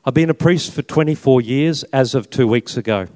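Australian priest telling stories in a hall. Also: male voice, mid-range voice, moderate pace, a little mellow, a little hiss or hum. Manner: chatty storyteller with self-mocking humour. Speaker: Catholic priest and army chaplain. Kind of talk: personal testimony talk with slides. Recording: long reverb in a hall.

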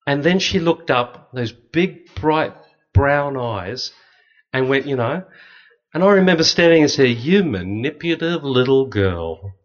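A man's voice: on the high side, unhurried, soft background music. A middle-aged Australian man, a Catholic priest, giving an anecdotal talk with slides and acting out the voices of people in his stories. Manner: lively, anecdotal, acts out other people's voices. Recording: dull, slightly lo-fi sound.

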